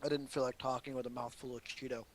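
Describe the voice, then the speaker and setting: A man's voice: medium pitch, little pitch movement, quick pace. A man playing a tabletop game, politely checking his moves with the table. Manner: polite, asks the table for leeway. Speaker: player. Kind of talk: casual tabletop game chat.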